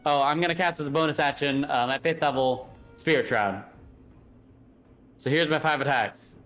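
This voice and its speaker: Young man, tabletop player, casual chatty talk, fairly high voice, faint music behind. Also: normal speed, a bit bright. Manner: casual, chatty, thinks aloud with fillers. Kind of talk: playing a tabletop game.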